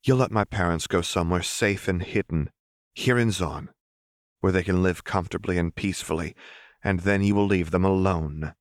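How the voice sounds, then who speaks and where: A man's voice: sits low, normal speed, no echo, studio quality, natural voice. A man reading an audiobook, voicing a fierce, defiant young woman in a tense, clipped way. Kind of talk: audiobook character voice.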